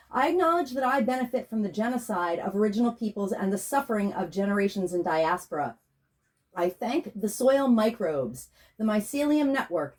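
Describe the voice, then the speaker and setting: Lady healer, slow soothing incantatory voice, guided meditation feel. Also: fairly high pitch, darkish tone. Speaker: spiritual healer doing a tarot reading. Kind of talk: guided meditation and chanted prayer.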